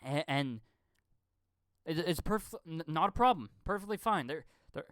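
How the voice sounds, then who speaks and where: A man's voice: on the high side, expressive, moderate pace, a bit bright, dry recording. A man rambling through a profane live-stream rant, stammering and repeating his words. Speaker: channel host.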